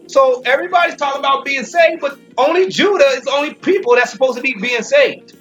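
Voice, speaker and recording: A man giving an informal Bible commentary, speaking emphatically, repeating and restarting phrases, and slowing down when he reads verses. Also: very high voice, a bit bright. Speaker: Bible teacher. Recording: dull lo-fi recording with faint music.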